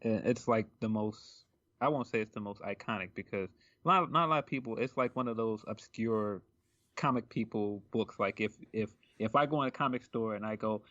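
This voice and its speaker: A man's voice: lowish voice, a little fast, fairly bright tone, no room sound, muffled recording. A man co-hosting a podcast in casual chat, rambling with lots of ums and likes. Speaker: podcast co-host.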